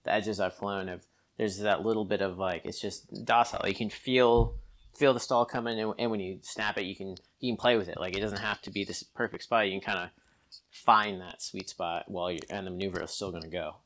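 A man's voice: low voice, fairly even intonation, a little fast, fairly bright tone. A man, a guest pilot, talking casually about aerobatic airplanes, self-deprecating and thoughtful, with frequent restarts. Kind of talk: casual podcast chat.

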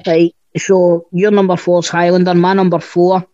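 A man's voice: high-pitched, completely flat delivery, normal speed, dark tone, dry recording. A man, chatting casually about films and cracking jokes. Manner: jokey, swears, storytelling. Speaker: podcast co-host. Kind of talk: casual chat. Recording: dull lo-fi dry sound.

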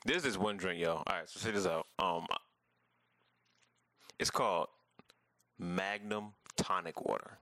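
A man's voice: low voice, unhurried, pauses often, pushed and bright, dry recording. A man in a casual chat, talking in a laid-back way with hesitant, stammering restarts.

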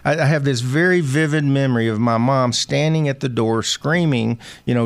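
Southern american man, middle-aged, gravelly, dry close sound, folksy interview host. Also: mid-range voice, normal speed, dry recording. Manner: chatty, laughs often, folksy asides. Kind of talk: casual interview chat.

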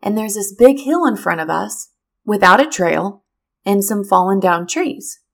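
A middle-aged woman telling a personal story to teachers, animated and speaking straight to her listeners. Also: mid-range voice, unhurried, creaky. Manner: animated, addresses listeners directly.

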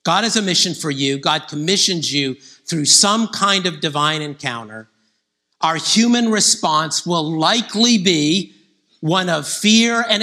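A man preaching a conversational sermon, growing animated when he quotes scripture figures. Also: fairly high pitch.

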